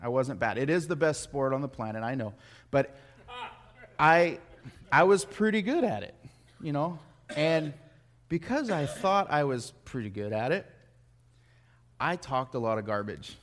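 A man's voice: medium pitch, lively intonation, a little slow, long pauses. A man preaching a sermon in a conversational way, telling personal stories with joking asides and stumbling restarts. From United States. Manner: conversational, joking asides, repeats words when starting.

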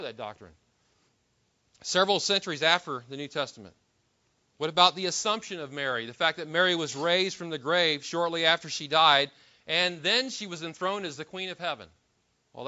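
Bright-voiced emphatic male preacher, lo-fi. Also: fairly high pitch. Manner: emphatic, with frequent restarts and rhetorical questions. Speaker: pastor. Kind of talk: sermon.

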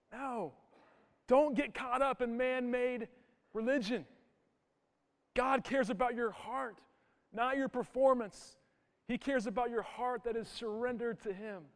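A man's voice: high-pitched, big-room sound. A pastor in his thirties, preaching a sermon with impassioned emphasis.

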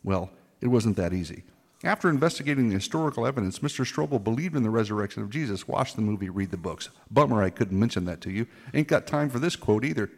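A man's voice: lowish voice, animated, quick pace, in a large hall. A man giving scripted narration with playful, mock-regretful asides and showy alliteration. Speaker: apologetics video narrator.

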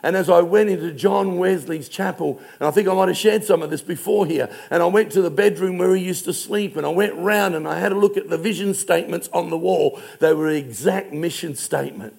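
A middle-aged male pastor preaching a sermon in a church, telling stories emphatically and slowing down on key phrases. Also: high voice, creaky, a little mellow.

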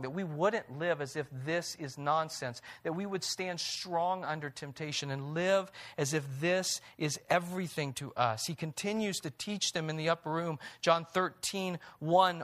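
A man preaching a sermon, reading scripture aloud and rising in pitch and volume on emphatic points. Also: a bit bright. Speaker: pastor.

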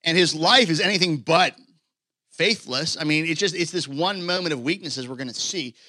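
A man preaching a sermon to a live congregation, animated and casual, swinging between excited bursts and hushed moments. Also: on the high side, normal speed, no echo, studio quality. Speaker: pastor. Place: church hall, live congregation.

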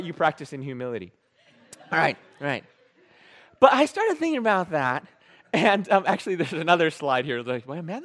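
A man preaching a sermon as a pastor, telling stories with animated, playful self-mockery. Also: on the high side.

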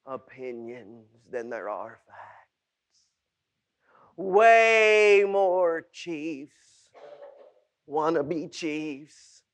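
A male pastor preaching a sermon, swinging from shouted lines to hushed whispers with drawn-out emphasis. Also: medium pitch, clear, resonant tone. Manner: drawn-out, emphatic delivery to the congregation.

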